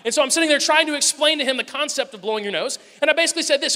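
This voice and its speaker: Rapid-fire with few pauses, a man in his thirties with a very high, pushed, bright voice preaches a conversational sermon full of funny personal anecdotes, chuckling as he goes. His congregation fills a large church hall whose long echo is audible.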